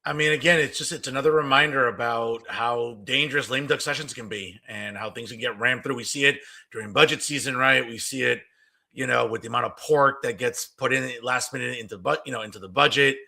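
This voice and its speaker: Fast-talking gravelly male political host. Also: mid-range voice. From New Jersey. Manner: quick, animated, affirming with frequent yeahs. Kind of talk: political interview talk.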